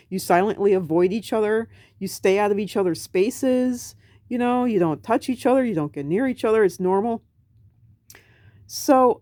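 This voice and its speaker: A woman's voice: a little high, mellow, dry recording. An American woman vlogging in a casual late-night monologue to camera, rambling, self-mocking and profane. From United States. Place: home at night.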